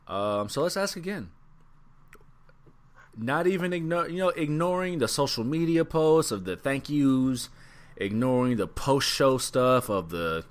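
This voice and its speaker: With a mid-range, clean-toned voice, a male co-host muses casually on a wrestling podcast. He's laid-back and tends to trail off with ums.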